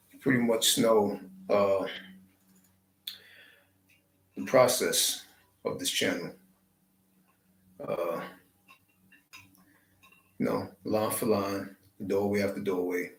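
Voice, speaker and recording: A man hosting his channel, giving a slow, reflective spiritual talk with deliberate, drawn-out phrasing. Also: on the low side, fairly even intonation, roomy sound, rough recording. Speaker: channel host.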